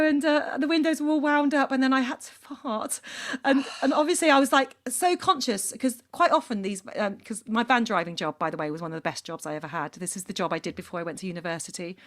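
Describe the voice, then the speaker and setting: A middle-aged woman, a podcast co-host, reads a letter aloud and then chats casually, an animated storyteller who laughs easily. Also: on the high side.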